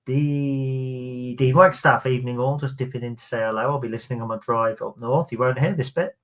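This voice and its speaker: A man's voice: mid-range voice, fairly even intonation, fairly quick, fairly bright tone. Chatty man hosting a podcast. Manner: chatty, reads out listener comments. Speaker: podcast host. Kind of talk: casual fan podcast chat.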